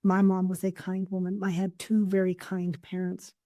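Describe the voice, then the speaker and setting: Woman coach, low mellow voice, dry close mic, earnest storyteller. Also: completely flat delivery, moderate pace, no echo. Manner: earnest storytelling, warm anecdotes. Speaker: coach and therapist. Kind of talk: casual podcast chat.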